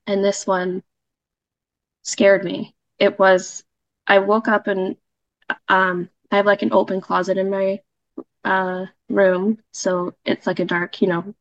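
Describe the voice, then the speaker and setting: A woman's voice: medium pitch, little pitch movement, takes it slowly, dry recording, highs cut off. A woman casually telling a personal story as a podcast guest, chatty, with fillers and laughs.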